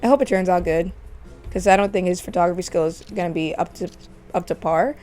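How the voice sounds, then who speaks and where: A woman's voice: on the low side, fairly quick, a little mellow, soft background music. A woman chatting playfully through a life-sim game let's play, giggling often. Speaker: gaming channel host.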